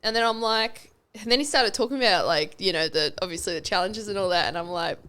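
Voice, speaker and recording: A woman chatting as a guest, telling animated stories, acting out what people said and swearing casually. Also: mid-range voice, quick pace, clean tone. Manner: animated storyteller, acts out quotes, swears casually. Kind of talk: casual interview chat.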